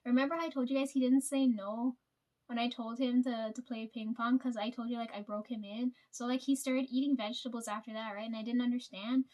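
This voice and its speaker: A woman with a slightly high voice tells stories about her coworkers in a loose, rambling way. She swears freely and fills the gaps with fillers and little laughs. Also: steady tone, brisk, darkish tone. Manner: chatty, swears a lot, frequent fillers and laughs. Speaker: vlogger telling work stories. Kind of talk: casual storytime chat.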